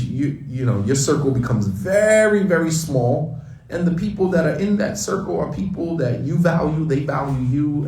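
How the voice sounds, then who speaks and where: Imam, roomy distant sound. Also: male voice, medium pitch, a little mellow. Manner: conversational, emphatic, repeats phrases. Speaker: imam giving a morning reminder. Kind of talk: casual religious talk.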